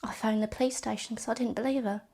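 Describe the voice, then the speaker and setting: A woman interviewed as a bereaved sister, telling her story haltingly, with repeated words and restarts. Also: a little high, fairly even intonation, darkish tone, slightly rough. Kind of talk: personal testimony interview.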